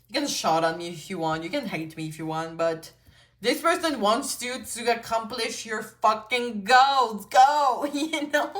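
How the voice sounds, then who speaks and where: A woman's voice: medium pitch, a bit bright. A woman whose first language is French gives a casual pick-a-card tarot reading, chatty and full of "like" and "you know" fillers, with frequent swearing. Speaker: tarot reader.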